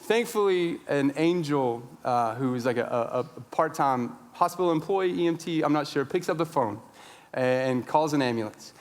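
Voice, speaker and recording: A man in his thirties, a pastor telling a story in a sermon, acting out his own shouting. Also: a little high, lively intonation, moderate pace. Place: large church sanctuary. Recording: long church reverb.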